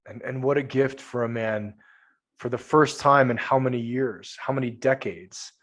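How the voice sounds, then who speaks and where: A man's voice: medium pitch, moderate pace, fairly bright tone. A man, a men's coach and podcast guest, speaking earnestly and emphatically in casual conversation, with lots of coaching-style repetition.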